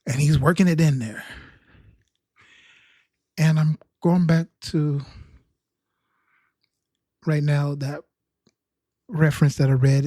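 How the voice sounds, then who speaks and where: A man's voice: fairly high pitch, mellow, husky, no room sound, clean studio sound. A man telling a rambling, self-mocking comic story about his own experience. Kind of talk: humorous personal storytelling.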